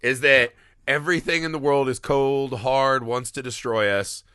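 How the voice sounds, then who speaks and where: A man talking on a podcast with a bright, forceful voice, animated and swearing freely while he acts out scenes. The sound is dry and close to the mic, with no room around it. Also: medium pitch, normal speed, clean tone, no echo. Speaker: podcast co-host. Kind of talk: casual podcast chat.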